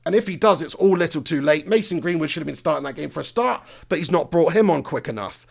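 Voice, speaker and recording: A young man rants through a live football reaction stream. His voice sits high and has a gravelly edge. He swears freely and piles up rhetorical questions. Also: expressive, fast talker. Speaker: football fan channel host. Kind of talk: live match reaction rant.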